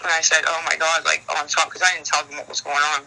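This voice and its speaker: A woman's voice: deep voice, steady tone, fast talker, vocal fry, pushed and bright. A woman on a phone call, talking frankly and rambling with worry, swearing often. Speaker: caller in a leaked phone call. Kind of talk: casual phone chat.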